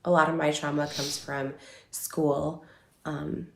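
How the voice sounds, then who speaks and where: A woman speaks in a low voice with a gravelly fry, giving an emotional personal statement. She halts often, filling gaps and restarting sentences. The room around her rings with echo. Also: flat delivery, slight background noise. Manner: halting, many fillers and restarts. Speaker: online creator giving a statement.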